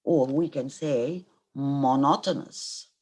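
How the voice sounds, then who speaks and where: Slow, husky-voiced Egyptian woman lecturing. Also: a bass voice, darkish tone. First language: Arabic. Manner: reads verse aloud, then explains and glosses it in Arabic. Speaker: university literature lecturer. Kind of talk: recorded university lecture.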